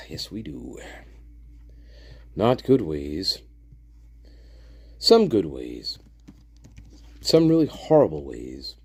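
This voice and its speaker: A man's voice: lowish voice, darkish tone. A man chatting casually on a livestream, rambling and musing with some profanity. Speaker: streamer.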